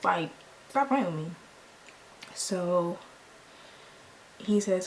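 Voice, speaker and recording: Young woman, beauty vlogger, casual storytime, slangy and lively, faint noise floor. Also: fairly low pitch, unhurried, pauses often, poor audio. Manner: animated, slangy, acts out quoted lines. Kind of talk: casual storytime while doing makeup.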